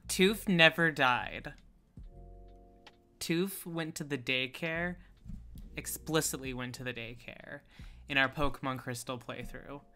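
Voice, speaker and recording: A woman's voice: very deep voice, slow pace, long pauses, bright, forceful tone, faint music behind. A woman co-hosting a casual gaming stream, chatting loosely and laughing often while reacting to the game. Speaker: streamer co-host.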